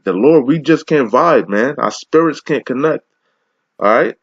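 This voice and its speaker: A man gives a loose, slangy scripture lesson at an average pitch. He reads verses slowly and deliberately and breaks into casual, profane commentary. The recording is muffled, lo-fi and dry, with no room echo. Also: lively intonation, breathy edge. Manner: casual slangy asides, profane, laughs often; slow deliberate scripture reading. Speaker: scripture teacher. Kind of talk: informal scripture teaching.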